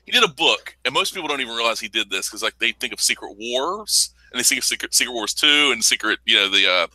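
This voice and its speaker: A man with a strikingly bright, sharp tone talks comics in a loose, rambling way, swearing freely and breaking into laughter. The sound is dry and close, with no room around him. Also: medium pitch, fast, no echo, low-quality recording. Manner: profane, rambling, animated with laughing outbursts. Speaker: podcast co-host. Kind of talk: casual comics chat.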